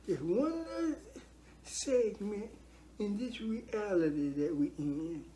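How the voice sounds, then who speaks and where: Older man with a warm, dark tone, speaking earnestly in a heartfelt testimony and leaning on repetition. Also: high voice, lively intonation, takes it slowly. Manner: earnest, preachy, repeats himself for emphasis.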